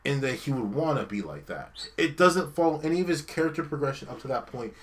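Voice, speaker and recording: A man rants on a casual podcast, sarcastic and quick to swear. His bright, forceful voice swings widely up and down as he picks things apart, with medium pitch throughout. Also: lively intonation. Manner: ranting, profane, sarcastic critique. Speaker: podcast co-host. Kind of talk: casual chat.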